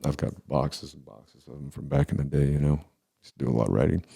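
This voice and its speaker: A man in his forties telling a personal story casually, halting and restarting as he goes. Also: rumbling low, steady tone, creaky, dark tone. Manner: halting, with many pauses and restarts.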